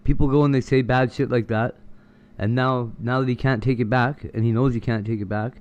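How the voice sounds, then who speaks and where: A man chatting on a livestream, offering calm, dry commentary and wry asides. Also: medium pitch, a little fast. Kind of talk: casual livestream chat. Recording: dull, lo-fi mic with faint noise.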